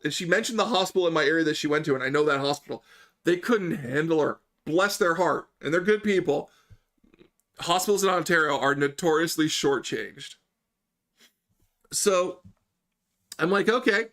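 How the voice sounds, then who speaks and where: A man telling a story on a livestream, lively and often laughing. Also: a little high, moderate pace, long pauses. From Canada. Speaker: streamer and library supervisor.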